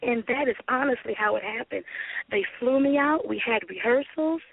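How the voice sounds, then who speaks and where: High husky-voiced woman on phone-like line. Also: normal speed, dry recording. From Richmond, Virginia, USA. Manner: animated, acts out quoted voices. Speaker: guest singer. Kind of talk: casual radio interview storytelling. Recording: phone-like radio interview audio.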